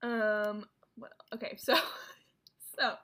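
A woman's voice: mid-range voice, fairly even intonation, very slow, crowd noise. A woman casually recapping a movie plot as a co-host, rambling with lots of filler words. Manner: rambling, filler-heavy storytelling with many "like"s. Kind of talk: casual chat.

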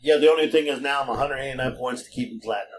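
Male podcast co-host, casual, quick teasing interjections. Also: mid-range voice.

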